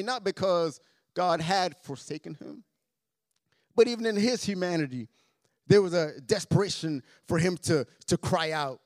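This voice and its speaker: A man with a fairly high voice preaches to his congregation, repeating phrases and swinging from hushed to loud. The sound is dry and close. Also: lively intonation, unhurried, dry recording. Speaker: pastor. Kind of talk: sermon. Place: church sanctuary.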